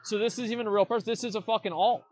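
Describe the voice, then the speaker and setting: A young man races through his stream reactions to forum posts in a high-pitched, steady, slightly mellow voice. He mocks bluntly, swears freely, and repeats words as he restarts his sentences.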